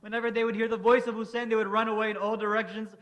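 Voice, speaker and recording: A man's voice: high-pitched, level tone, very fast, a bit bright. A man reciting a mournful religious lament, impassioned, rising into anguished cries.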